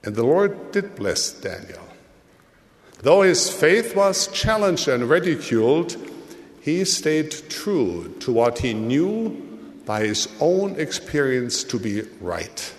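A man giving a sermon in a measured, deliberate way, with his voice rising and falling for emphasis. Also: fairly high pitch, sing-song. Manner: slow, measured delivery with dramatic rises and drops. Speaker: church leader. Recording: long hall reverb.

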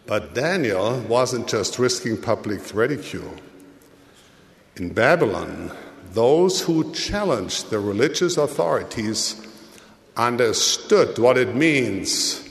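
A man preaches in a very slow, deliberate cadence, his voice pitched in the middle range for a man. He lifts his voice for emphasis and then drops it low and soft. The sound carries the long reverb of a large hall. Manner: slow, measured delivery with dramatic rises and drops. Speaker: church leader. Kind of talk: sermon.

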